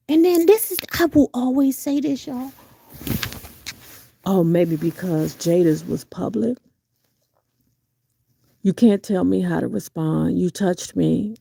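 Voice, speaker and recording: Reading from her viewers' chat, a middle-aged live streamer shares frank, cuss-filled views and keeps asking rhetorical questions, her pitch shooting up when she gets worked up. She has a dark tone with vocal fry, captured at studio quality with no echo.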